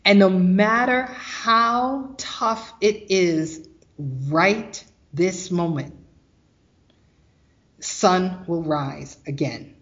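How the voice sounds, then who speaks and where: A woman guest telling a personal story of hardship and faith, animated and acting out the voices of others. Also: fairly low pitch, very slow, lo-fi sound. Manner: animated, acts out quoted voices.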